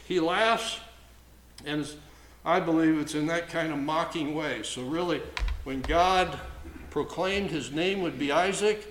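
Slow, emphatic male preacher in echoey room. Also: a little high, fairly bright tone. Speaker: pastor. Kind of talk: sermon. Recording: echoey room with faint ambience.

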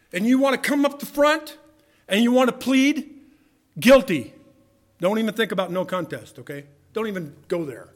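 A male pastor with an extremely high-pitched voice preaches a sermon, acting out courtroom exchanges and shifting between loud bursts and quiet asides.

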